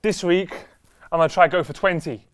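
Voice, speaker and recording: A man's voice: sits high, brisk, clean tone. A young man co-hosting a casual football chat show, joking and reading out viewer comments. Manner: jokey, reads viewer comments aloud. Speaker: co-host.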